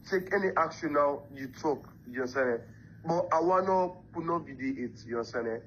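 A man's voice: a little high, animated, fairly quick, a bit bright, lo-fi sound, a little hiss or hum. A man with a Sierra Leonean Krio English accent leaving a private voice message, pleading and reassuring, often repeating questions to check he is understood.

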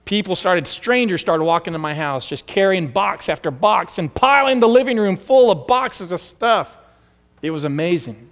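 A male pastor tells stories from the pulpit, leaning into every quoted line. His voice sits a little high for a man. The sound carries a long reverb from the sanctuary. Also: moderate pace. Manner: animated, acts out quoted voices. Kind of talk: storytelling sermon. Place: church sanctuary.

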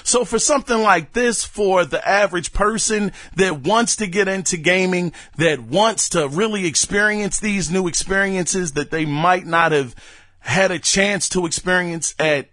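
A high-voiced man hosts his own gaming podcast, chatting loosely and addressing listeners like friends. His tone is bright and forceful, and the recording sounds dry and close, with no room behind him. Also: unhurried, no room sound. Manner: animated, slangy, talks straight to listeners. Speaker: podcast host. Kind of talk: casual solo podcast commentary.

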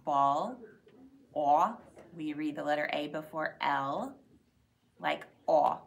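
Low, gravelly-voiced woman teacher. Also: a bit bright. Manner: upbeat, drawing out letter sounds to demonstrate them. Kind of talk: explanatory school announcement segment.

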